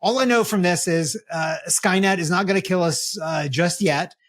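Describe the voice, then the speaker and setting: A host of a casual tech news podcast, animated and joking, with exasperated asides while telling the news. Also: mid-range voice, normal speed.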